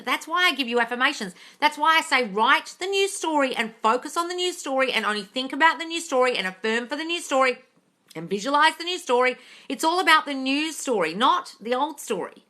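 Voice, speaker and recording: A woman's voice: sits high, lively intonation, brisk, sharp tone. A woman hosting a live question-and-answer stream as a coach, blunt and emphatic, swearing freely as she answers viewers. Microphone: phone or computer mic for a live stream.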